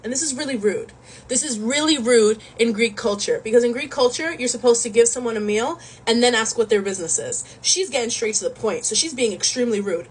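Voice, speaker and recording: A woman casually retelling a Greek myth in a slangy, animated storytelling manner. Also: a little high, brisk, breathy edge, low-quality recording.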